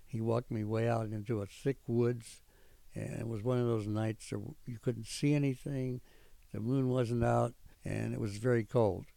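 An older man recalling his army days in an oral history interview, rambling and pausing often with fillers. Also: mid-range voice, fairly even intonation, vocal fry, dark tone, no room sound. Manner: rambling storytelling with frequent pauses and fillers. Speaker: veteran interviewee.

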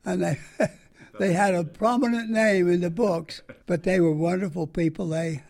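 Older man, high gravelly voice, folksy rambling war memories. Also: fairly even intonation, normal speed, darkish tone. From United States. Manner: folksy, rambling storytelling with plain-spoken asides. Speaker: veteran interviewee. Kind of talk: oral history recollection.

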